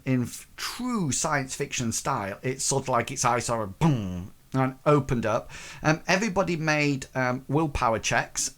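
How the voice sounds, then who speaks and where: Slow, halting male game master. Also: medium pitch, a bit bright. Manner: slow, hesitant recap with many fillers. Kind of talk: narrating a tabletop game.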